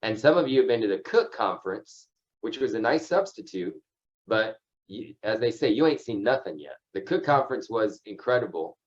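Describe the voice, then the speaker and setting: A man's voice: fairly low pitch, expressive, moderate pace, highs cut off. A man leading an insurance agency's training call, talking loosely and conversationally and often tagging his points with "right?". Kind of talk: casual team training talk.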